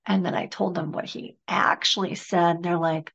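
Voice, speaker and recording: A woman guest speaker telling a story in an interview, often dropping to a soft whisper. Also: on the low side, fairly even intonation, normal speed, gravelly, few pauses, dull audio. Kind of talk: conversational interview.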